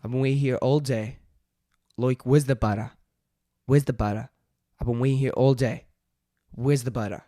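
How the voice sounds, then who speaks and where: A man's voice: a little high, normal speed, vocal fry, few pauses, mellow, no echo, studio quality, pitched above the performer's own voice. A man voicing a talking male bear for a tabletop game, speaking in a choppy way with floating words and a put-on Australian-style lilt. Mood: gruff complaining.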